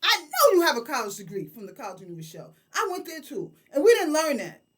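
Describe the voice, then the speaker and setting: Woman, around 60, community leader. Heated, profane camera rant, high and very animated delivery. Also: fast. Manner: indignant, profane and emotional, addressing people directly. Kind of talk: direct-to-camera vlog rant.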